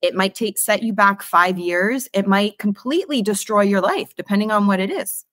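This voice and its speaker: A woman's voice: medium pitch, normal speed, a bit bright, dry recording, studio quality. A woman from Canada hosting a podcast, talking in an emphatic, motivational way and swearing casually. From Greater Toronto Area, Canada. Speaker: podcast host. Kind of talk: casual conversational interview.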